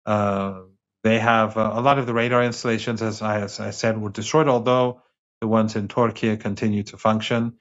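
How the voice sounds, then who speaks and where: Male professor guest, deeper voice, emphatic and repetitive, heard over muffled lo-fi call audio. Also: little pitch movement, normal speed, a bit bright. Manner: emphatic, repeats phrases while building a point. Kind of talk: remote interview commentary.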